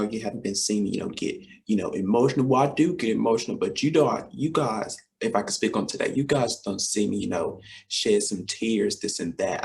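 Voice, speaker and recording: A man's voice: medium pitch, creaky. A man in his twenties hosting his own education talk show. He speaks casually and enthusiastically, repeating himself and using many fillers as he talks straight to his audience. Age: 20s. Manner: enthusiastic, repetitive, lots of fillers and direct address. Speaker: host.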